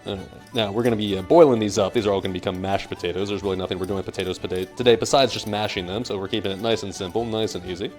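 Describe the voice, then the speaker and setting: A man's voice: lowish voice, fairly even intonation, very fast, few pauses. A young American man cooking on a live stream, rambling and joking as he reads chat aloud. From United States. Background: faint music.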